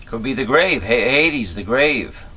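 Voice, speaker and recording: Bright-voiced man hosting a discussion. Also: medium pitch, expressive, a little slow, a little hiss or hum. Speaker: show host. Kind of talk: heated religious discussion.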